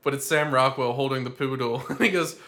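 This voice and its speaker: A man's voice: medium pitch, steady tone, fairly quick, pushed and bright. A man chatting enthusiastically about a film, laughing often. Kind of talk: casual movie-discussion chat.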